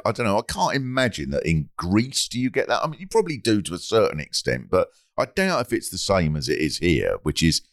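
British comedy podcast host, middle-aged man; lively, sweary rambles, dry recording. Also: sits low, a little fast, few pauses, no echo. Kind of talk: casual chat.

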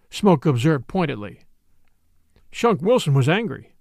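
A man narrating an audiobook in an expressive storytelling way. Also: a little high, moderate pace, no room sound, studio quality.

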